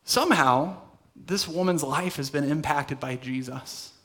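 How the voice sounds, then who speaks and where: A man delivers a sermon to a church room in a conversational way. His voice is a little high and bright. He often drops to a soft, intense tone to press a point home. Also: a little slow. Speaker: pastor. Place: church hall.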